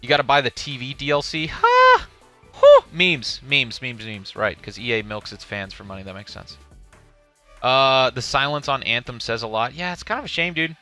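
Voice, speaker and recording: A man's voice: mid-range voice, a little fast, bright, forceful tone, faint music behind. A man streaming live, giving casual, profane commentary on a game showcase and reading chat questions aloud.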